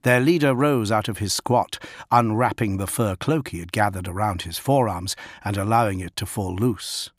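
A man reading an audiobook as narrator, measured and quiet. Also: fairly low pitch, no echo, studio quality. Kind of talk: scripted narration.

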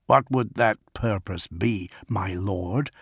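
A man's voice: lowish voice, takes it slowly, gravelly, breathy edge, no room sound, clean studio sound, exaggerated voice. A man voicing a tired, resigned male captive. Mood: weary. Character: weary cornered male captive.

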